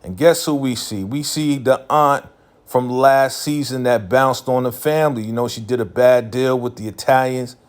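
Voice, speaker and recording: A man's voice: medium pitch, moderate pace, clean tone. A man casually recapping a TV episode in a laid-back, slangy way, full of filler phrases.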